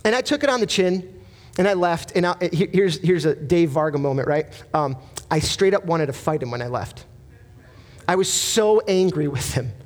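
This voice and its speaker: A man's voice: a little high, animated, normal speed. A pastor preaching a sermon to his congregation, earnest and emphatic, mixing personal stories with rhetorical questions.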